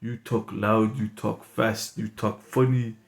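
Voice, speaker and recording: A man voicing a soft-spoken, patient male wolf playing a Latin lover in an improvised comedy sketch, talking low, slow and smug. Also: creaky. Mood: calm. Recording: echoey room with steady noise.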